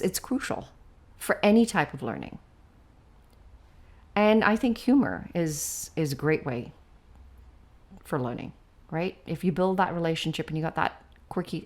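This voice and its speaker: Woman, educator, podcast co-host, slightly low pitch, explanatory, frequent "right?", playful, animated. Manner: playful and animated when acting out examples. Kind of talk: casual podcast discussion.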